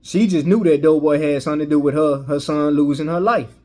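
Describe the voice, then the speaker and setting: A man with a slightly higher voice recaps a film casually. He rambles, often restarting sentences and filling gaps with "you know.". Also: fairly quick, a little mellow. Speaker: movie reviewer.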